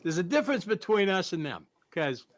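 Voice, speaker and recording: High-voiced, earnest conservative man. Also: big pitch swings, brisk. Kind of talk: political talk show chat.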